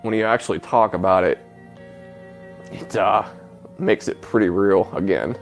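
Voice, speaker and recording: A man telling a painful personal story as an interview guest, halting and breaking off with filler sounds, sounding close to tears. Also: on the low side, soft background music. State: emotional, near tears. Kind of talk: emotional personal account.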